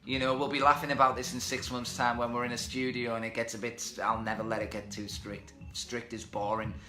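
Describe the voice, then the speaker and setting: A man's voice: medium pitch, flat delivery, a little fast, bright, forceful tone, echoey room, soft background music. A man hosting a motivational live stream from home, talking energetically and reading out viewer comments. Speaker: host. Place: indoors at home. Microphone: webcam or phone.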